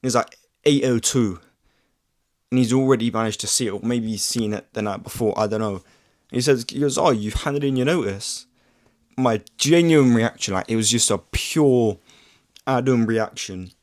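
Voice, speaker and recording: A man's voice: mid-range voice, moderate pace, darkish tone. Sweary, rambling young man. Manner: rambling, sweary, filler-heavy with lots of "like". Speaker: vlogger. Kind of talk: casual storytelling to camera. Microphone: camera mic.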